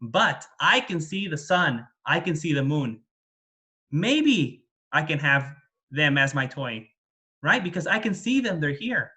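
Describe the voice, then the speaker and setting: A man voicing a small boy in a told story, a son returned from heaven who pleads and then lectures his father calmly. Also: fairly high pitch, a little slow, exaggerated voice. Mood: lecturing.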